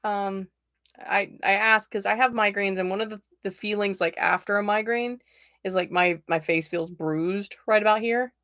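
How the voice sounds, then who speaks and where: A young woman talks through a tarot reading on a casual livestream, chatty and quick to laugh. Her voice has a gravelly vocal fry. The sound is dry and close to the mic. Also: medium pitch, no room sound. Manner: chatty, laughs often, excitable outbursts. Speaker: tarot reader and livestream host.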